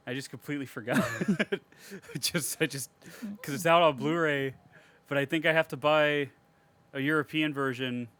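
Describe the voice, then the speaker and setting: A man's voice: medium pitch, clear, resonant tone. A man co-hosting a podcast, retelling a movie in casual chat with profane jokes and laughter. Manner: profane, joking, animated retelling. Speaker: podcast co-host.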